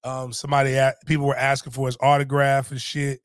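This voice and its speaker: A middle-aged man, telling a story in animated, profane casual talk on a podcast. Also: mid-range voice, fast, clean tone, no room sound, studio quality.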